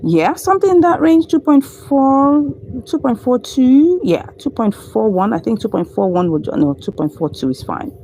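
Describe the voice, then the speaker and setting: Excitable woman with a lively high voice. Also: moderate pace, a little hiss or hum, rough recording. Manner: excitable, cheers and laughs at wins; talks viewers through numbers step by step. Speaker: crypto trading channel host. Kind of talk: screen-recorded trading walkthrough.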